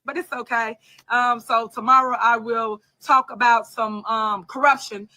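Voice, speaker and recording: A woman politician speaks to her viewers in a measured, defiant tone and pads her points with frequent fillers. Her voice is bright and a little high. She is heard as a clip played inside another stream. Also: steady tone.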